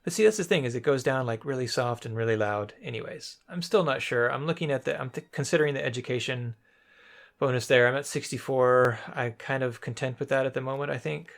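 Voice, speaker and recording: Gravelly, rambling game commentator man. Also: mid-range voice, a little fast. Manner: rambling, hesitant, thinking aloud with frequent restarts. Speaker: let's play commentator. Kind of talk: casual gameplay commentary recorded after the fact.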